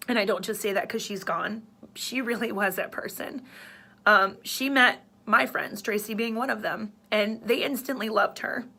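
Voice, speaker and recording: A woman's voice: medium pitch, sharp tone. A woman in her thirties, a radio host, telling a personal story in an earnest, emotional way.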